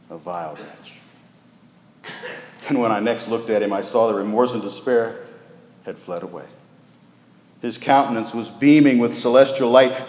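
A man preaching a sermon as a vivid story, swinging between loud exclamations and hushed lows. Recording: reverberant hall.

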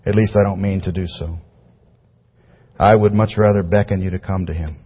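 A man preaching a sermon to a large crowd, earnest and pleading, rising to loud emphatic cries and falling to low tones. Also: steady tone, normal speed, slightly rough. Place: large hall before a crowd. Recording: dull recording with long hall reverb.

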